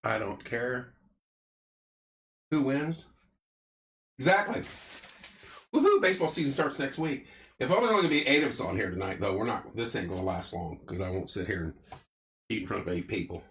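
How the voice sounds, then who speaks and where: A man hosts a loose, rambling livestream chat and talks between bites of food. He greets his viewers one by one. His pitch swings around in a lively way. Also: quick pace, a little hiss or hum. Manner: chatty, eats while talking, greets viewers by name. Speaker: livestream host. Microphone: clip-on mic.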